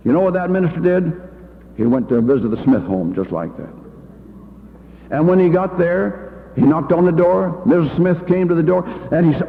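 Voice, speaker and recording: A man's voice: fairly high pitch, animated, normal speed, gravelly. An older man and church education leader giving a folksy, anecdotal talk full of homespun stories and fillers, heard on an old reel-to-reel recording. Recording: tinny old reel-to-reel in a hall.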